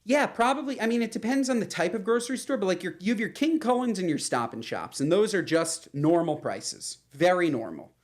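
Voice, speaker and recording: Woman, 30s, co-host, playful and rambling, very lively pitch. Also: fairly quick, few pauses. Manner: animated, rambling, playful teasing. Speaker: podcast co-host. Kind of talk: casual chat.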